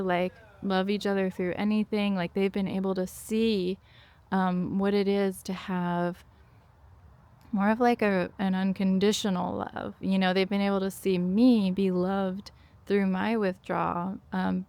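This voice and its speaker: A woman's voice: medium pitch, creaky, darkish tone. A woman talking casually and earnestly to her audience, giving heartfelt parenting advice with many fillers. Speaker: channel host, parenting coach.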